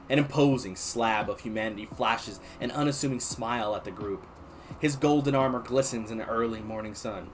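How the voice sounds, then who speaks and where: A man streaming casually, reading an interactive story aloud and chatting to his viewers in an animated way. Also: mid-range voice, brisk, slight background noise. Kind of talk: casual livestream read-aloud.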